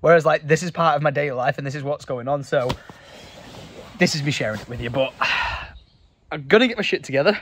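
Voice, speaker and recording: A man's voice: a little high, brisk, pauses often, a bit bright, slight background noise. Earnest young man vlogging. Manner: emotional, earnest, with many fillers. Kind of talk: casual vlog talk to camera.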